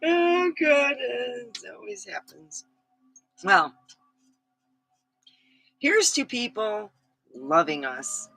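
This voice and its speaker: A middle-aged woman chats to her camera in an unhurried, drawn-out way, her voice bright and forward. She rambles frankly, drops swear words and laughs at her own stories, while faint music plays behind her. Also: mid-range voice, big pitch swings, gravelly, low-quality recording. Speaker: vlogger. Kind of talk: casual chat to camera.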